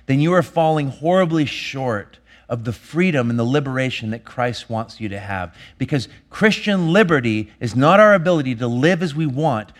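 A man preaching a sermon as a pastor, earnest, swinging between emphatic bursts and hushed lines. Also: medium pitch.

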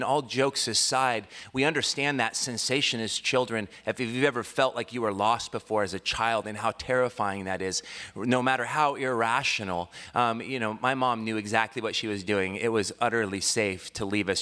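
A man in his thirties preaches, moving from a loose, chatty anecdote to fervent, emphatic scripture reading. His voice sits in a middle pitch range. He talks easily and directly to the congregation. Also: sharp tone. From Washington State, US. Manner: conversational storytelling that builds to fervent preaching. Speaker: pastor. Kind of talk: sermon with personal story.

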